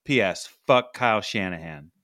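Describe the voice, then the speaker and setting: A man's voice: lowish voice, expressive, moderate pace, bright, forceful tone, no room sound, studio quality. A man reading a letter as a smug, taunting male football quarterback. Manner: taunting, mocking delivery.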